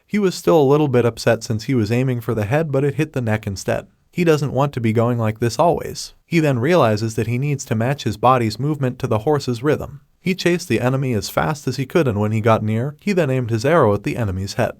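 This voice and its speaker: A man narrating a recap of a comic story in a steady, scripted storytelling voice. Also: mid-range voice, a little fast, few pauses, dry recording, clean studio sound.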